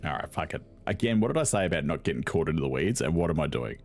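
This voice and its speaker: Deep-voiced, animated sarcastic male gamer. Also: rapid-fire, faint music behind. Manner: sarcastic, swears freely, laughs often. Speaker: gaming video host. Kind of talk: casual gameplay commentary.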